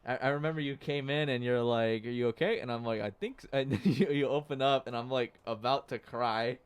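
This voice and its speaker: Young guy co-hosting a podcast, smooth voice, laughs a lot while he tells stories. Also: mid-range voice, steady tone, fairly quick. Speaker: podcast co-host. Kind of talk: casual chat.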